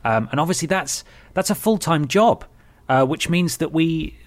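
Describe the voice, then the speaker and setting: A man's voice: on the high side, expressive, moderate pace. A man co-hosting a podcast, chatting casually with dry sarcastic jokes. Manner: sarcastic, jokey. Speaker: podcast co-host. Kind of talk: casual chat.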